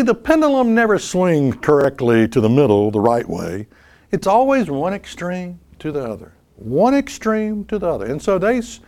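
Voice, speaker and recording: Animated preacher man, high lively voice. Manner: emphatic, rhetorical questions, swings between loud and hushed. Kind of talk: sermon.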